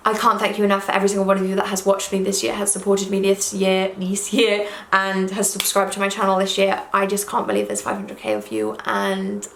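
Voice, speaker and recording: A woman's voice: mid-range voice, a bit bright. A young woman chatting rambly and gushing to her viewers while doing her makeup at home, full of "like" and "um". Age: young adult. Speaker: YouTuber. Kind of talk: casual get-ready-with-me chat while doing makeup. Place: room in her own house. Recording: echoey room with faint ambience.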